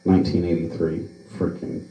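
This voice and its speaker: A man's voice: low-pitched, flat delivery, normal speed, dark tone, reverberant, low-quality recording. A man hosting a podcast, telling a story in a casual, profane way. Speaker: podcast host.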